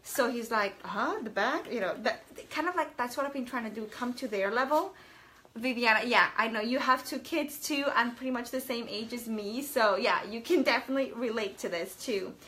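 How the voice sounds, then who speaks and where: A woman's voice: fairly high pitch, brisk, fairly bright tone. A woman in her thirties chatting casually to camera as a parenting vlogger, rambling a little with fillers and restarts.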